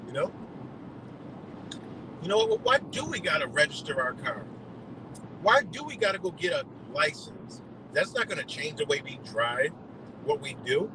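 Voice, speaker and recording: A man's voice: on the high side, very animated, normal speed, pauses often, noisy background. A man on a live stream delivering a heated, profane rant full of rhetorical questions. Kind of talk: ranting monologue.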